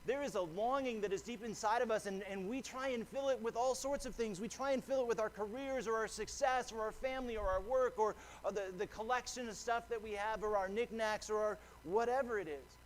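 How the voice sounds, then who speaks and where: A man's voice: sits high, brisk, hardly any pauses, a little hiss or hum. A man preaching a sermon as pastor, earnest and conversational, often restarting a phrase. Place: church sanctuary.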